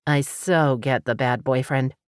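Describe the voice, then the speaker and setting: A woman's voice: extremely low pitch, a little slow, clear, resonant tone, no echo, clean studio sound. A woman voicing a friendly, chatty local woman.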